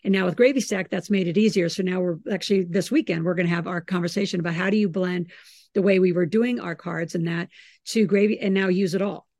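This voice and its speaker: A middle-aged woman hosting a podcast, chatting casually and telling lively stories about her children. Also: on the low side, fast, dry recording. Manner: animated storyteller, acts out her kids' lines. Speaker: podcast host. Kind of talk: casual chat.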